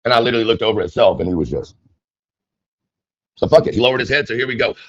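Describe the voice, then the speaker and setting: A man's voice: mid-range voice, animated, fast, no room sound, lo-fi sound. Rambling man talking to his viewers. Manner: rambling, chatty, addresses viewers directly. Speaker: online streamer. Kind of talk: casual livestream monologue.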